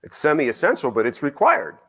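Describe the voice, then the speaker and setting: A middle-aged man giving a conference lecture. He tells an anecdote in an animated way, acts out both sides of the conversation and often asks "right?". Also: a little high, a little fast, breathy edge. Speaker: nutrition researcher giving a conference talk. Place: lecture hall.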